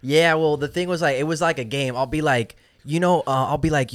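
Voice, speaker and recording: A man's voice: on the high side, a little fast, few pauses, no echo. A young man, a podcast guest in a studio who tells rambling stories with many restarts and mixes in Spanish phrases. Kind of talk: casual chat.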